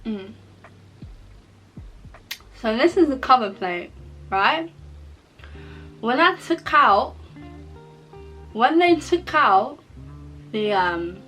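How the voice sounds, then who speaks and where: A woman tells her personal story to camera in a slow, unhurried way, and the mouth cover plate she wears alters her speech. Her voice is bright and somewhat high, and she animates the telling by acting out her own reactions. Soft music plays faintly behind her. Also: sing-song, rough recording. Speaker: vlogger sharing a personal testimony.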